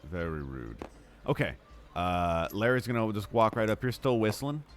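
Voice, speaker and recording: A man's voice: on the low side, moderate pace. A man chatting casually as a player in a tabletop game, easygoing and rambling.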